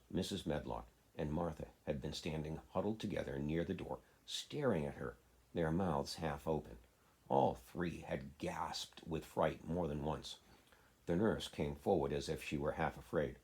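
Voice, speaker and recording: A man, a father, reading a children's classic aloud in a steady, plain way. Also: very deep voice, normal speed, slightly rough. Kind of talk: storybook reading.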